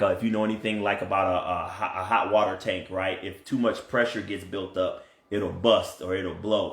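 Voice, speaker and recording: A man coaching couples in casual talk, earnest and animated, often checking in with "right?". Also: fairly low pitch. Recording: echoey room.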